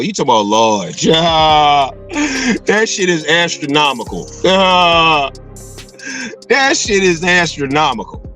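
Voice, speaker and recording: Slangy, lively man with drawn-out hums. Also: on the high side. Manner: laughs often, slangy, drawn-out hums and emphatic repetition. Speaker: streamer reacting to a video. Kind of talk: casual live-stream commentary.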